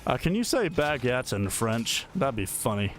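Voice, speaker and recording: Soft background music accompanies this man as he streams a game, joking around and talking casually to his chat and an AI helper. His mid-range voice swings widely in pitch at a normal pace.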